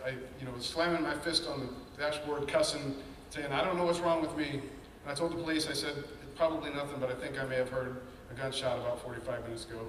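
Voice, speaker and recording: A man's voice: mid-range voice, little pitch movement, quick pace, hardly any pauses, slight background noise. Man telling his story in an echoey hall. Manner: candid, earnest storytelling with quoted inner voices. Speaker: speaker sharing his story. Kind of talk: personal testimony talk. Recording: echoey hall, mic at a distance.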